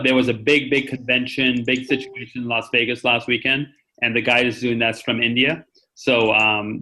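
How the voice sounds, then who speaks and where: A man with a bright, forceful voice leads a meeting over a conference call. He talks casually and at length, loops back on himself and fills his pauses with "um". His pitch sits at an ordinary middle level. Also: low-quality recording. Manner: rambling, chatty, with many fillers and restarts. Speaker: meeting host.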